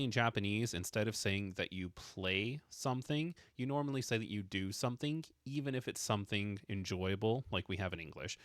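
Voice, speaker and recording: A man with a fairly low voice walks learners through a casual video lesson. He explains patiently but playfully, leaning hard on emphatic words. The sound is dry and close, with no room echo. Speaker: Japanese language teacher.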